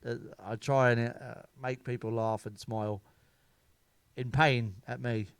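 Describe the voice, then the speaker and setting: A man's voice: medium pitch, steady tone, measured pace, clean tone, dry recording. A middle-aged man telling crude, bawdy comic stories as a comedian. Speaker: stand-up comedian. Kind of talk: comic storytelling.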